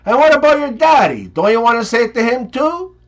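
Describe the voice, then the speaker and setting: A man's voice: very high voice, big pitch swings, brisk, highs cut off, pitched above the performer's own voice. A man putting on the voice of a sweet, coaxing mother at the family table, in a sing-song way.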